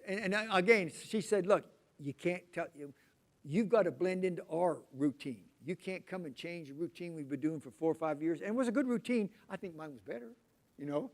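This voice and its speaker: A man's voice: high voice, brisk. A middle-aged man preaching a conversational, rambling sermon, acting out quoted voices along the way. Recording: poor volume quality.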